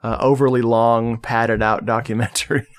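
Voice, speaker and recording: A man's voice: medium pitch, flat delivery, normal speed, clear, resonant tone. Male American podcast host, casual and joking, rambles with fillers. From United States. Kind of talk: casual chat about movies.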